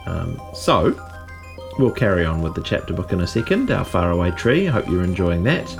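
A man's voice: deep voice, normal speed, gravelly. A man hosting a children's radio show, giving a cheerful pre-recorded introduction. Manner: cheerful, lively greeting. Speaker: kids show radio host. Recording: music bed underneath.

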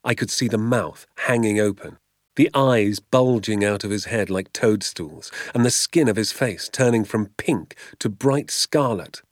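A man narrating a children's novel aloud in a measured, expressive storytelling manner. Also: lowish voice, dry recording, studio quality. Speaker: audiobook narrator. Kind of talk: storybook reading.

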